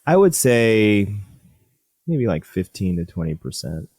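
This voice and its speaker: A middle-aged man speaks with a fairly low voice in a relaxed interview, eager and chatty as he tells stories from his work. He keeps restarting his sentences as he goes. The sound is dry and close, with almost no room around him. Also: breathy edge, dry recording. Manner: enthusiastic storyteller, laughs often, halting restarts. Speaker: urologist guest. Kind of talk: casual interview chat.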